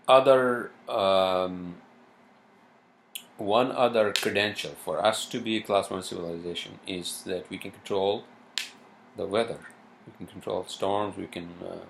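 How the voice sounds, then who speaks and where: Casting note: man, low and gravelly, swearing casual podcast host who rambles. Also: slight background noise. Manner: profane, meandering, lots of fillers. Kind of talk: rambling solo podcast monologue.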